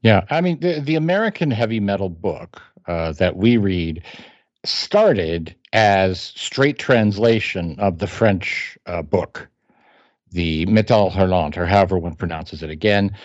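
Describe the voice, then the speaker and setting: Kansas-raised male podcast host, low voice, lo-fi dry sound, lively storyteller. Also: a little slow, no echo. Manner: animated, reads quotes aloud in voices. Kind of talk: casual podcast discussion. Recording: slightly dull lo-fi sound.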